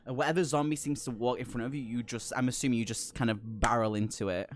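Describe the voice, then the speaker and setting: A man's voice: mid-range voice, fairly even intonation, quick pace. A man narrating a tabletop horror game as game master, describing scenes with lots of filler words.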